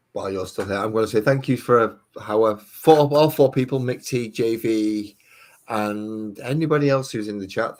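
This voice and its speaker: A man's voice: fairly low pitch, darkish tone. A man hosting a live stream, rambling, swearing freely and joking at his own expense. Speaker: stream host. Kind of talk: casual live-stream chat.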